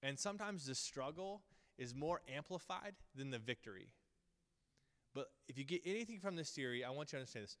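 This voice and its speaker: A man's voice: fairly high pitch, lively intonation, brisk, fairly bright tone. A man in his thirties preaching a casual, earnest sermon to his Bible school group, rambling with many fillers and restarts. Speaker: pastor teaching a Bible school series. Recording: long reverb of a large hall.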